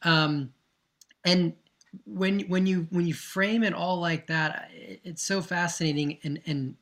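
A man originally from Georgia hosts a podcast conversation. His voice sits a little high for a man. He speaks earnestly and stops and restarts as he gathers his thoughts. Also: fairly even intonation, a little slow, fairly bright tone. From Georgia, United States. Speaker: podcast host. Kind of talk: casual interview chat.

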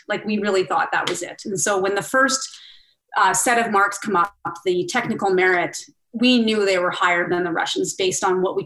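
Middle-aged woman retelling a big moment, lively, quotes herself, roomy echo. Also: medium pitch. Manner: animated, quotes herself and others in lively asides. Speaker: guest. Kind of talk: interview storytelling.

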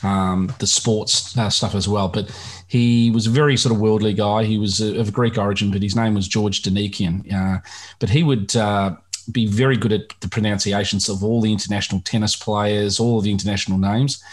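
A man's voice: lowish voice, steady tone, brisk. Rambling Australian man co-hosting. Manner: rambling, many fillers and restarts. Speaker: podcast co-host. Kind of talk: casual podcast chat.

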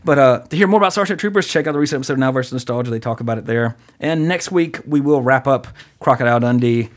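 A man co-hosting a podcast, telling rambling stories full of fillers and swearing. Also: mid-range voice. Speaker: podcast co-host. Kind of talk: casual chat.

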